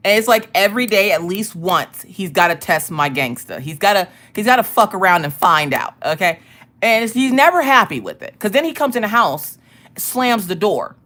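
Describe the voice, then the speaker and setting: A woman host telling a family story in casual chat, profane and animated, often laughing. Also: on the low side, fairly quick. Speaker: streamer and craft channel host.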